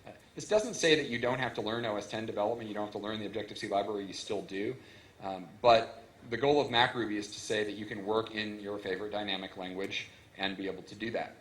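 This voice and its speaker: A man giving a relaxed, enthusiastic technical talk at a conference, explaining things step by step. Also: fairly low pitch, quick pace. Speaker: conference speaker. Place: conference hall. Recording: echoey conference hall.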